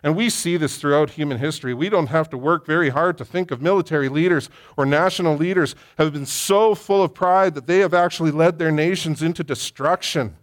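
A man's voice: on the high side, a little fast, few pauses. A middle-aged male pastor reading scripture aloud and then preaching a sermon that builds to impassioned emphasis. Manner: reads scripture then preaches with rising intensity.

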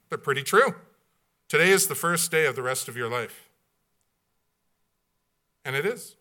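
A man preaching a sermon, blunt and folksy, swinging from loud outbursts to hushed asides. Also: mid-range voice. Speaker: pastor.

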